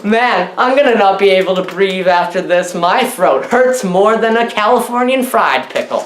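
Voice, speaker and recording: A woman's voice: medium pitch, lively intonation, moderate pace, echoey room, slight background noise. A woman giving a rambling comedic movie review, talking with mock seriousness and repeating "what? what?" and "y'all".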